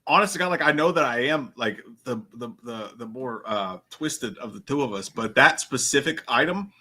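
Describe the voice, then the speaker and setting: A man's voice: mid-range voice, expressive, normal speed, bright, forceful tone. A man co-hosting a casual livestream, reading viewer messages and chatting in a rambling, profane way with frequent laughs.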